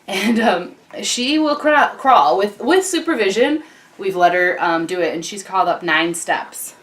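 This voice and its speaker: A woman's voice: mid-range voice, unhurried, a bit bright. A young woman, a mother and vlogger, chatting casually to the camera at home, with plenty of ums and likes. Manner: chatty, many ums and likes, breaks off to talk to baby. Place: home, indoors. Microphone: camcorder on a tripod.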